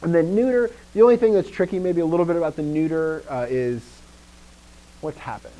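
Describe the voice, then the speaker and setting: On a recording with the highs cut off, a man speaks fairly quickly while teaching Greek in a casual, self-correcting way. He checks with the class often and makes stressed words louder and higher to act out emphasis.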